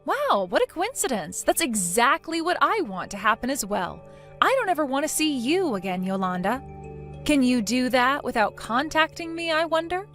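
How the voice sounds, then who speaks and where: A woman's voice: high voice, sing-song, moderate pace. A woman voicing a sarcastic daughter-in-law. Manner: sarcastic, mocking. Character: mocking young daughter-in-law, defiant. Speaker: narrator of the story. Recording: soft music behind.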